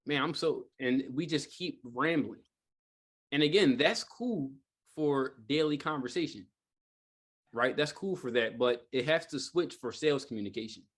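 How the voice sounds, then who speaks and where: A man's voice: medium pitch, fairly bright tone. Casual, rambling male sales trainer. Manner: casual, rambling, lots of fillers and rhetorical "right?". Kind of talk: live sales training talk. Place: training room with a live audience.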